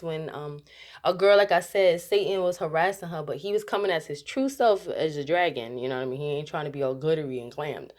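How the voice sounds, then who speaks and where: Woman vlogger, low-leaning voice, chatty and loose, tells stories with lots of restarts and laughter. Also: darkish tone. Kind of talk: casual storytelling to camera.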